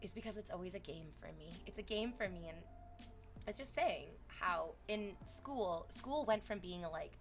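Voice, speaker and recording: A young woman chatting casually on a live stream, excitable and swearing freely. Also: fairly low pitch, normal speed, soft background music. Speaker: livestreamer.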